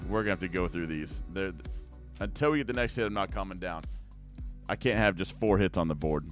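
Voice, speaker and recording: A young man with a fairly low voice talks casually to his viewers while opening card packs. His chat rambles, with sudden bursts of excitement over good pulls. Faint music plays under him. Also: fairly quick.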